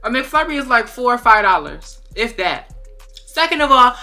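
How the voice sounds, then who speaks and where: A young woman, telling a dating story in a casual vlog, profane, sassy and animated. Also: on the high side, moderate pace, soft background music.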